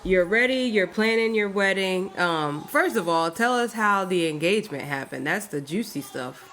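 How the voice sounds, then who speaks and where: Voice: mid-range voice, lively intonation, moderate pace, a bit bright, faint music behind. A podcast host asking questions in a casual interview, with encouraging short replies.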